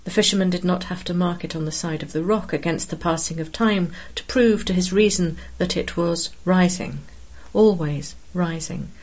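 A woman narrating a literary story in a measured, expressive reading. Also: on the low side.

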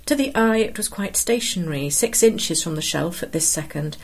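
A woman narrating a literary story in a measured, expressive reading. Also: lowish voice.

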